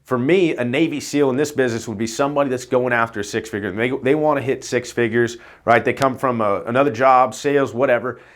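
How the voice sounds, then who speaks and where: A man's voice: medium pitch, a little fast, hardly any pauses. Man, agency owner, off-the-cuff vlog delivery, loose and rambling, casual swearing. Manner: loose, rambling, tags "right?" often. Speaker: insurance agency owner coaching agents.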